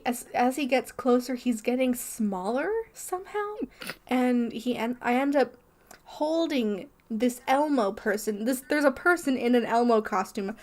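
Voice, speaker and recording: A young woman co-hosting a podcast, telling a story in a rambling, casual way full of "like" and restarts. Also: a little high. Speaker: podcast co-host.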